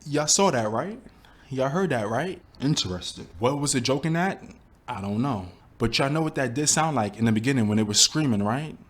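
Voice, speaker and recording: A man's voice: mid-range voice, lively intonation, a little fast. A man giving a reaction commentary to his viewers, exasperated and rhetorical, often asking them questions directly. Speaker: YouTube commentator.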